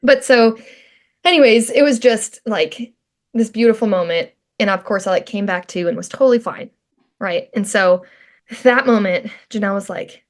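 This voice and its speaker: A woman guest on a podcast telling her own story casually, chatty and quick to laugh, with lots of filler words. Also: mid-range voice.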